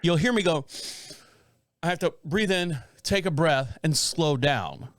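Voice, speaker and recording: A man in his fifties, co-hosting a casual home-studio chat and telling rambling, animated stories with frequent laughs. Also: a little high, measured pace, dry recording. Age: 50s. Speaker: podcast co-host.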